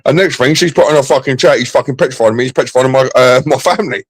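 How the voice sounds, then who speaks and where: Man, drinking, sweary repetitive ranter, rapid delivery, dry close sound. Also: mid-range voice, slightly rough, dry recording, rough recording. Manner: ranting, sweary, repeats himself. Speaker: streamer guest. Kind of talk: casual live-stream chat.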